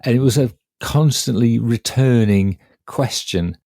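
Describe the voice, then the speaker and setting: Gravelly, mellow podcast host. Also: male voice, mid-range voice, measured pace, a little hiss or hum. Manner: chatty, wry reminiscing. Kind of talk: casual chat.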